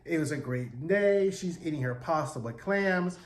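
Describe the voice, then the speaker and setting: High-voiced sassy man recapping TV. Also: roomy sound. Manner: sassy and animated, acts out the characters' lines in quick impressions; peppered with profanity and rhetorical "right?". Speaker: TV recap host. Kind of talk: casual recap commentary.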